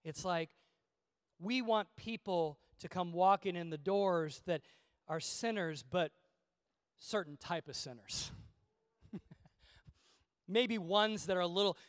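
A man preaching a sermon in a church, moving from quiet, low asides to loud, impassioned pleading. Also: clear, resonant tone, no room sound, studio quality. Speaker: pastor.

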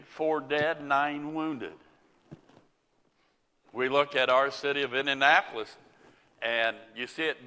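A man preaching a sermon in slow, deliberate phrases, his voice bright and ringing. His earnest delivery swells into pleading questions, and the sound carries a long reverberant hall tail. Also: mid-range voice. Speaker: pastor. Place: Indianapolis area.

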